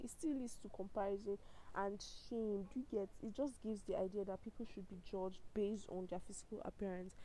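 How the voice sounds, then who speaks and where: A woman's voice: mid-range voice, fairly even intonation, brisk, dark tone, poor audio. A young woman in her twenties with a Nigerian accent, talking straight to the camera in an impassioned, exclaiming way. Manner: impassioned, exclaiming, ranting with laughs. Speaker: vlogger. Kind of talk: casual direct-to-camera talk.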